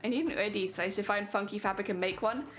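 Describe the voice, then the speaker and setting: A woman's voice: medium pitch, quick pace, faint music behind. A young British woman chatting casually with her viewers during a craft stream, laughing often. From Britain.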